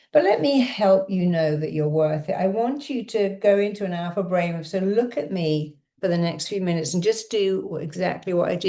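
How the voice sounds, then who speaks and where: A woman with a lowish, mellow voice leads listeners through affirmations and a hypnosis induction. She gives firm, repetitive instructions and eases into a slow, soothing countdown, speaking straight to the viewer. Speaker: self-help speaker and hypnotherapist. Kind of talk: guided affirmation and hypnosis session.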